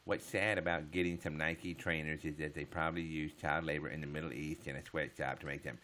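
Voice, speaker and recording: A man's voice: very deep voice, steady tone, fairly quick, pushed and bright, slight background noise. A man live streaming, chatting casually with viewers in a joking, profane way.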